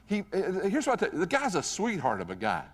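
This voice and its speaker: Animated male speaker in a reverberant hall. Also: high-pitched, quick pace. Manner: animated, conversational, asks the audience questions. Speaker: motivational keynote speaker. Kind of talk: live motivational speech with storytelling. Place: stage in a large hall.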